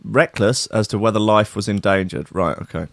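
A man's voice: lowish voice, normal speed, vocal fry, dry recording, studio quality. A man co-hosting a casual comedy chat, reading news stories aloud and breaking off into joking asides.

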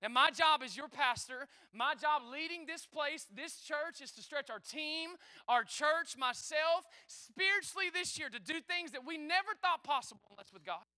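A high-voiced man preaches with bursts of energy, calling out to his congregation and whooping between points. His tone is bright and forceful, captured dry with no room echo. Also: moderate pace. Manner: energetic, exclaiming and calling on the crowd. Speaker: pastor. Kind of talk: lively sermon.

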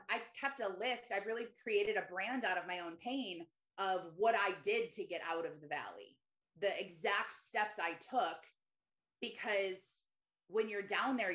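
A woman's voice: fairly bright tone, echoey room. A woman, a podcast host and coach, telling her personal story earnestly and with emphasis as an interview guest. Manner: earnest, emphatic, shifts to higher voice for quoted thoughts.

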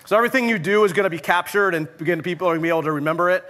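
Bright high-voiced man preaching. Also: rapid-fire. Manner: animated storyteller who laughs at his own anecdote. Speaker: pastor. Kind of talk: sermon storytelling.

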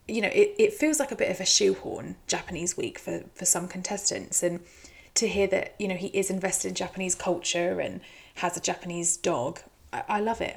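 A woman talks through a recap in a casual, wry way. Her voice sits a little low and carries a noticeable gravelly fry. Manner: chatty, wry, teasing. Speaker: show recap host.

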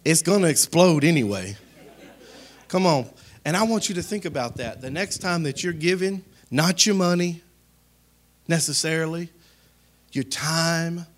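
A male pastor preaching a lively sermon in a slightly high voice. He talks to the congregation like a friend, then builds to loud, emphatic peaks. After those he drops back into quiet asides. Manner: conversational, addresses the congregation directly.

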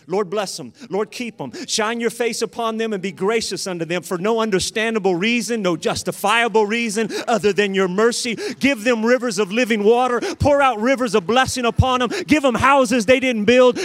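A man preaching a sermon as pastor, moving between loud rhythmic prayer and conversational, joking asides to the congregation. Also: sits high.

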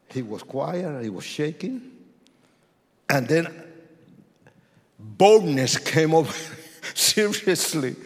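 Theatrical preaching man in church reverb. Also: sits high. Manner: theatrical, bursts into shouts, acts out scenes. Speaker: evangelist giving testimony. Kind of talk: dramatic testimony sermon. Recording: long church hall reverb.

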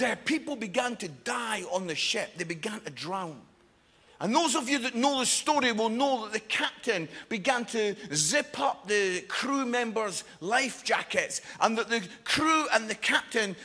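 A man's voice: very high-pitched, bright, forceful tone. A man preaching a sermon, passionate and emphatic, with jokes along the way. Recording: long echoing hall reverb.

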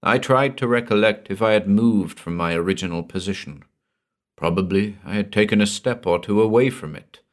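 A man narrating a horror story in a measured, brooding audiobook style. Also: fairly low pitch.

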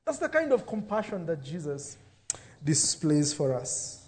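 A pastor preaching a sermon, dropping into quoted voices for emphasis. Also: male voice, on the high side, normal speed, darkish tone.

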